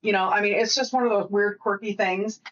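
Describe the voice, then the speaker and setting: A woman co-hosting a podcast in casual chat, rambling and swearing freely with quick asides. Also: mid-range voice, steady tone, highs cut off. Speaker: podcast co-host.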